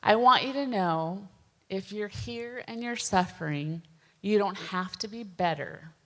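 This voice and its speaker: Slow, gentle woman in a reverberant hall. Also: mid-range voice. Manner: slow, gentle and earnest, with soft pauses. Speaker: speaker sharing a personal testimony. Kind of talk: personal testimony talk.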